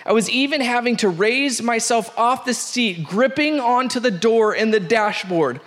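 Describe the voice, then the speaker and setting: Guy with a pretty high voice reading a funny story out loud, keeps cracking up. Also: unhurried. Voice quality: animated, breaks into laughter, shouts out the quoted lines. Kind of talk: comic storytelling read aloud.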